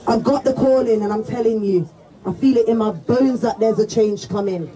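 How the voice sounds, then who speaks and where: A woman giving a rousing rally speech, shouting and leading call-and-response chants. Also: a little high, normal speed, rough recording. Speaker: rally speaker. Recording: crowd noise behind the speaker. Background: crowd.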